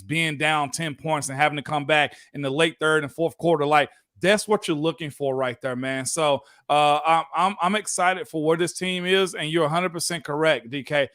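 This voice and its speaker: A man, a former pro football lineman, co-hosts a casual sports talk show in an animated, folksy way and keeps asking if you follow him. His voice sits a little high for a man. It is recorded close and dry, with no room sound. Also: no room sound. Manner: animated, folksy, repeats "you know what I'm saying".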